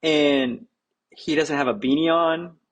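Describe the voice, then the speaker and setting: A man's voice: fairly high pitch, fairly even intonation, slow. A young man, a guest, telling a story in a laid-back way, saying dude and like constantly. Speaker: guest skateboarder. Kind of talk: casual storytelling.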